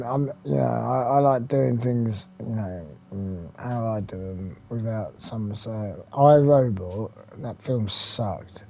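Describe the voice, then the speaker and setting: A man's voice: mid-range voice, vocal fry, dark tone. A man with an English accent, hosting a retro gaming channel, rambling casually with mild swearing and lots of fillers and restarts.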